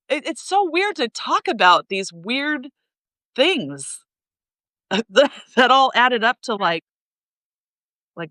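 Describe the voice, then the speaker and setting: A middle-aged woman in casual livestream chat, talking loudly and passionately, rambling with many fillers and restarts. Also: a little high, no room sound, poor audio. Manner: loud, passionate talker. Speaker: flight attendant sharing her story.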